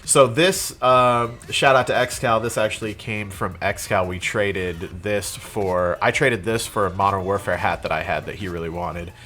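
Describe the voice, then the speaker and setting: A man's voice: fairly low pitch, steady tone, a little slow, few pauses, bright, forceful tone. Congested man chatting casually about resales. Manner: rambling, loose with fillers and restarts. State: congested from a cold. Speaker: reseller vlogger. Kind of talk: casual show-and-tell vlog.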